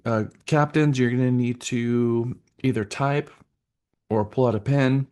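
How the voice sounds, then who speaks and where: A man's voice: medium pitch, steady tone, measured pace, a little mellow. Man leading a real estate workshop. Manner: directive, stop-and-start with fillers. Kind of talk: live workshop instruction.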